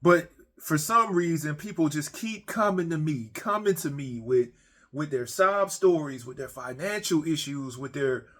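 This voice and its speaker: A man's voice: a little high, lively intonation, a little slow, a bit bright. A man sits in his man cave and unloads a comic, profanity-laden rant. He is blunt and repetitive, and he keeps stumbling and restarting his sentences as he goes. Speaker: ranting monologue creator.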